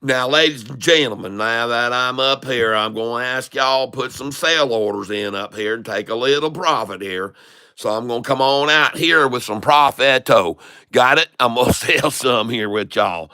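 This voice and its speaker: A man's voice: mid-range voice, moderate pace, pushed and bright, smooth. A man putting on a gleeful, rowdy country redneck character, drawling and hollering folksy exclamations while he trades.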